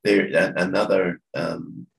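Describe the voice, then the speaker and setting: A deep-voiced Australian man with a gravelly, creaky edge talks casually on a podcast. He stops and restarts his sentences often and fills the gaps as he looks for the right words. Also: little pitch movement, poor audio. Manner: halting, with many restarts and fillers. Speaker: coffee catch-up organiser, podcast guest. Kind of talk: casual conversation.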